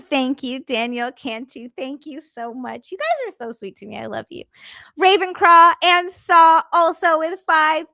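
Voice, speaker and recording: A high, bright-voiced woman chatting away on her livestream, bubbly and giggly as she thanks her viewers over and over. Her voice sits close and dry on a desk mic with no room sound around it. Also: no echo. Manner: bubbly and effusive, giggly, chatty asides while navigating settings. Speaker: livestream host.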